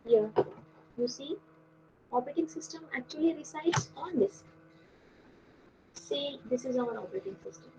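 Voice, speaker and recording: A woman lecturer giving an online class, explaining step by step with frequent pauses and fillers. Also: high voice, warm tone. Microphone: video call. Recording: dull lo-fi call audio with faint noise.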